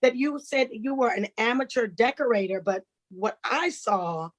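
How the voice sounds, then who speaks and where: A woman's voice: a little high, animated, moderate pace, rough recording. A woman in her forties hosting a talk show, effusive and enthusiastic with her guest. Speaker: host. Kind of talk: radio talk show interview.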